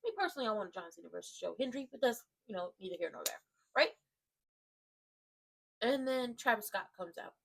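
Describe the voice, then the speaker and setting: A woman giving an animated, slangy rant that recaps a wrestling show, with emphatic asides to her viewers. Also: medium pitch, fairly quick, vocal fry, long pauses, breathy edge. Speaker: wrestling commentary vlogger. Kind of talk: casual ranting recap.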